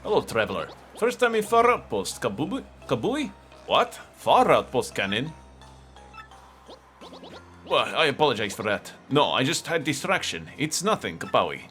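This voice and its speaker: A man's voice: medium pitch, sing-song, moderate pace, a bit bright, soft background music. A man voicing male Bob-omb villagers in a video game, with a mock Russian-style accent and broken, clipped phrasing. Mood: puzzled.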